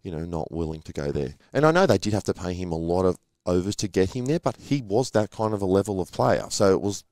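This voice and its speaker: A man's voice: low voice, animated, quick pace, few pauses, a little mellow, dry recording, clean studio sound. A middle-aged man, a former rugby league player, telling stories in a casual interview and acting out the voices of people he quotes. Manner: chatty, acts out quoted voices in anecdotes.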